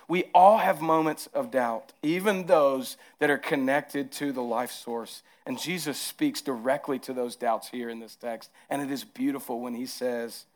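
A man with a Southern accent preaching a sermon as pastor, moving between hushed, tender lines and emphatic rises. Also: medium pitch, unhurried, hardly any pauses.

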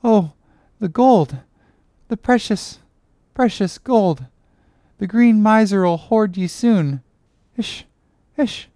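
A woman's voice: medium pitch, lively intonation, slow, dark tone, no echo, clean studio sound. A woman voicing a crazed young cabin boy in an audiobook, chanting and rambling in a sing-song way. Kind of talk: audiobook character reading.

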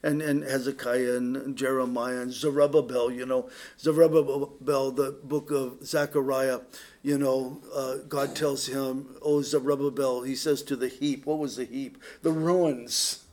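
A man's voice: mid-range voice, little pitch movement, measured pace, darkish tone. A man preaching a conversational sermon in an earnest way, speaking straight to his listeners and often restarting his sentences. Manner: earnest, with frequent restarts and direct asides to listeners.

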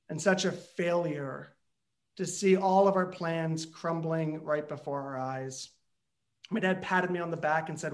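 Animated male storyteller. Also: fairly high pitch, measured pace. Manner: animated, building tension then bursting into shouts. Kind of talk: comic personal storytelling.

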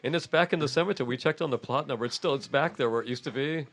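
A man's voice: mid-range voice, racing, fairly bright tone. An older man, a musician guest, telling stories in a casual chat, laughing often and swearing. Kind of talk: casual storytelling.

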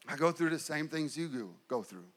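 A middle-aged male pastor delivering a sermon, building intensity through repeated phrases and slowing down for emphasis. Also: on the high side, lively intonation. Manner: preaching with rising and falling intensity, repetitive emphasis.

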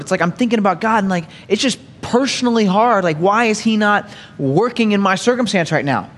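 A man's voice: sits high, lively intonation, brisk, few pauses, long reverb tail. A man teaching a Bible study in a conversational sermon style, reading psalms and often checking in with "right?" and "okay?". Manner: conversational, asks rhetorical questions with frequent "right?" and "okay?".

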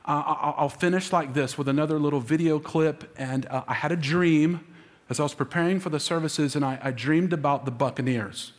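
A man's voice: on the high side, brisk. Guy pastor preaching easter sermon, pumped up, gets the crowd answering back, big echoey church. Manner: energetic, calls for congregation responses. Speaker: lead pastor. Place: large church auditorium. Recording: long hall reverb.

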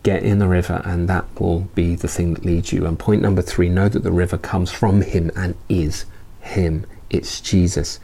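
A man preaching a conversational sermon, halting often with restarts. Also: low voice, level tone, gravelly, dark tone, slightly rough.

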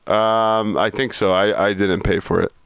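A young man, talking casually on a podcast. He tells stories with animated mock outrage. The sound is dry and close. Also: lowish voice, a little slow, vocal fry, clear, resonant tone, no echo. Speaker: podcast co-host. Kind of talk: casual chat.

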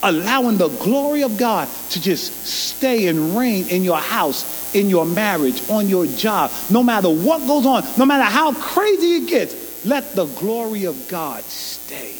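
A man preaches with a high, lively voice that leaps up and drops down. His folksy, colloquial sermon keeps turning to the crowd for call-and-response. Long hall reverb rings around him over a faint mains hum. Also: unhurried, few pauses. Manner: colloquial, loose grammar. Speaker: pastor.

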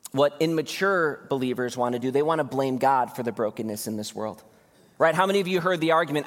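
A man preaching a sermon as pastor, impassioned, his voice climbing on key points. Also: on the high side. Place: church sanctuary. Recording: long hall reverb.

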